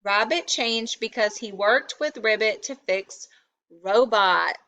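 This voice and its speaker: A woman's voice: medium pitch, takes it slowly, sharp tone, lo-fi sound. A woman teacher doing an interactive read-aloud lesson for children, stopping to ask them questions. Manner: addresses children, asks questions.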